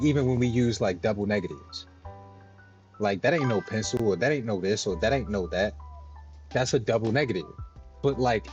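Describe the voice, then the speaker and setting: A man's voice: lowish voice, darkish tone. A male gaming streamer talking loosely and explaining at length, often checking in with "right?". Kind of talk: livestream commentary while gaming.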